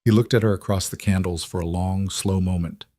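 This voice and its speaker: A man narrating a romance story in a calm, even, scripted storytelling manner. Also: low voice, brisk, no echo, clean studio sound.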